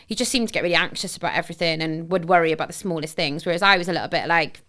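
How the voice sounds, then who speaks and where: A woman's voice: lowish voice, fast talker, hardly any pauses, bright, forceful tone. A woman in her thirties who guests on a podcast and tells a personal story candidly and reflectively, with many "sort of" and "you know" fillers. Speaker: podcast guest, charity founder.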